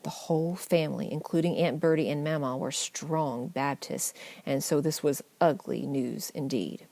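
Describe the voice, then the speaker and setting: Low-voiced woman reading an audiobook. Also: vocal fry, no echo. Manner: measured, gently wry storytelling. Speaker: audiobook narrator. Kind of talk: scripted audiobook narration.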